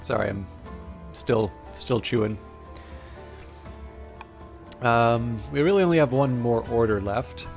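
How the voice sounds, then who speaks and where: A man's voice: mid-range voice, slow pace, gravelly, long pauses, soft background music. A man streaming live strategy game commentary, thinking aloud with many fillers and restarts and a self-amused tone.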